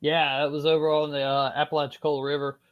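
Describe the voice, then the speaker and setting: On a podcast, a Floridian man with a strong Southern US accent tells his story loosely and animatedly, packing it with fillers and casual swearing. His voice sits fairly high and runs fast, and the audio sounds dull.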